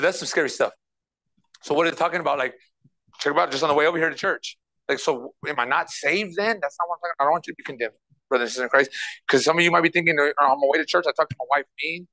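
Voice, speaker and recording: A man preaching a sermon as pastor, reading scripture verse by verse and swinging between quiet asides and loud, emphatic passages. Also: on the high side, low-quality recording.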